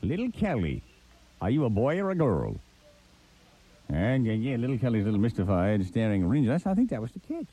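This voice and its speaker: A man's voice: a little fast, husky. A man hosting a radio morning show, telling comic stories in a theatrical way from a studio. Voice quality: animated, theatrical delivery with sudden pitch jumps.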